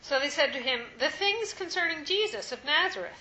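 A woman in a Bible study reading scripture aloud in a slow, measured way. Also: sits high, lively intonation, pushed and bright. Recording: echoey, muffled room recording, off-mic.

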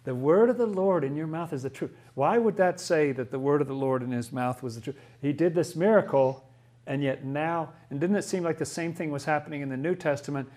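A man's voice: mid-range voice, darkish tone. A man teaching a Bible study in a musing, thoughtful way. He often restarts his sentences and poses rhetorical questions to the group.

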